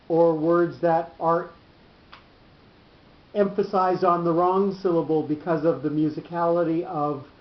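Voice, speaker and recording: A man teaching a Torah class to a small group, explaining points step by step with halting restarts. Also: fairly high pitch. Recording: roomy dull lo-fi class recording.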